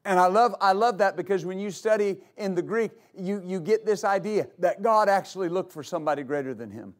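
This man's high voice moves a little fast as he preaches to a congregation, a pastor leaning on repeated key phrases and heavy emphasis during the church service.

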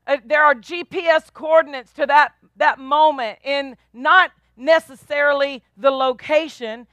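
High, bright-voiced woman pastor preaching. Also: no echo. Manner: emphatic, repetitive, call-and-response. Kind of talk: sermon.

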